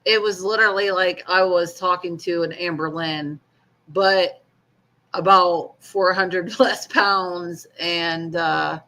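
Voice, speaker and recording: A woman's voice: fairly low pitch, fairly even intonation, slow, sharp tone. A woman co-hosting a casual chat, telling a dating story bluntly, swearing and laughing as she goes. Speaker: co-host.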